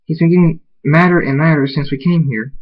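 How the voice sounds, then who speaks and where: A man's voice: on the high side, fairly even intonation, fairly quick, voice pushed up, natural voice. A man reading the lines of an earnest young female unicorn pony in his own voice. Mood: urgent. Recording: muffled lo-fi recording.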